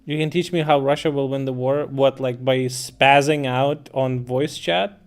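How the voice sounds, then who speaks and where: A man's voice: mid-range voice, fairly even intonation, unhurried, faint music behind. A man streaming live, answering chat comments in a blunt, mocking, incredulous way with plenty of swearing.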